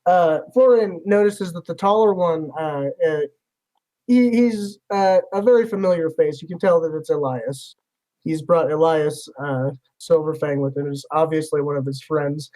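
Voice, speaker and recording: Guy game-mastering, kinda rambly, lots of uhs, warm dark voice. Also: fairly high pitch, moderate pace, low-quality recording. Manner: loose, rambling narration with many fillers. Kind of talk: narrating a tabletop game.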